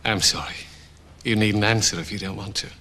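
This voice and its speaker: An actor playing an interview panel member who asks questions politely and apologetically. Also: male voice, fairly low pitch, brisk, sharp tone.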